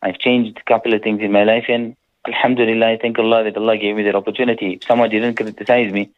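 A man's voice: lowish voice, flat delivery, fast. A man, an Islamic scholar answering listener questions on a radio call-in, talking emphatically and repeating his points. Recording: dull radio broadcast sound.

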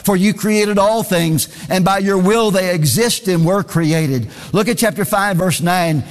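A man's voice: high-pitched, a little slow, hardly any pauses, in a large hall. A man preaching a sermon, reading scripture aloud and driving his points home by repeating key phrases.

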